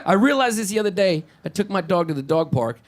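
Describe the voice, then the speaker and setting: A man doing a stand-up comedy set, animated and conversational, asking the crowd questions. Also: high-pitched, quick pace.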